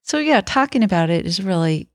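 A middle-aged woman co-hosting a Christian podcast, speaking in an earnest, warm, affirming way. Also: mid-range voice, animated, fairly quick, no room sound, clean studio sound. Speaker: podcast co-host. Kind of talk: reflective Christian podcast conversation.

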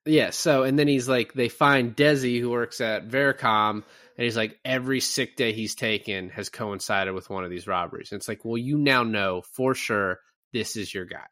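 A man's voice: medium pitch, moderate pace, few pauses, dry recording, studio quality. A man co-hosting a film review podcast, chatting casually and acting out movie lines with energy. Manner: animated, acts out movie lines. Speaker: podcast co-host.

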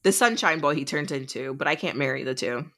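A woman's voice: low-pitched, animated, a little fast, a bit bright. A woman co-hosting a casual book podcast, talking animatedly and acting out characters' lines. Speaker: podcast co-host.

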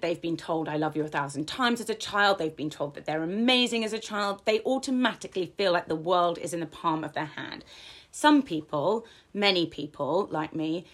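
Guest: woman, lowish voice, frank and self-deprecating, tells stories with lively shifts of pace. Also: moderate pace. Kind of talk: candid personal storytelling.

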